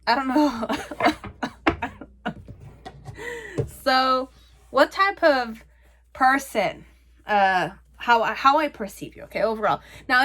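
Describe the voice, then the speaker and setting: A woman's voice: a little high, a bit bright. A young adult woman giving a casual pick-a-card tarot reading, rambling and chatty, often checking in with "okay?" and "like". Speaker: tarot reader.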